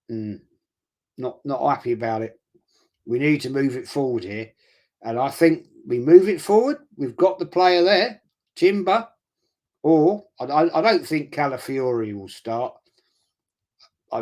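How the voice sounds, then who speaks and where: Bloke chatting on a live stream, rambly, keeps restarting, calls everyone mate. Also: male voice, mid-range voice, measured pace, a little mellow. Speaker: fan channel host. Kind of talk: casual live-stream chat reading viewer comments.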